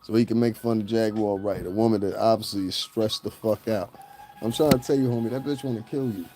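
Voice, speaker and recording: Male gossip vlogger with a mellow voice, mocking and ranting, laughs at his own jokes. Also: on the low side, steady tone, a little fast. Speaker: celebrity gossip commentator. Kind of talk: profane ranting commentary.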